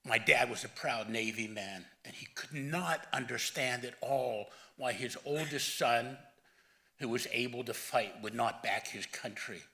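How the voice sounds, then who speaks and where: Bright-voiced man in his seventies giving a eulogy. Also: mid-range voice, unhurried, creaky. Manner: emotional, voice rising and breaking near tears. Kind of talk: funeral eulogy.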